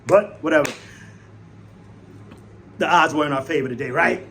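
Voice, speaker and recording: A young man excitedly talking through a game as a fan vlogger, swinging between loud hype and low muttering. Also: moderate pace, slight background noise. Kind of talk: postgame fan commentary.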